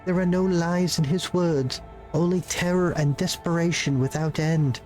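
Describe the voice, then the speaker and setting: A haughty noblewoman, read by a man in a formal, unhurried voice that stays close to his everyday tone. Faint music hums behind the dialogue. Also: fairly high pitch, fairly even intonation, a little mellow, pitched above the performer's own voice, lightly acted. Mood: measured. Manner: formal, deliberate reading. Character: haughty young noblewoman, cool and measured.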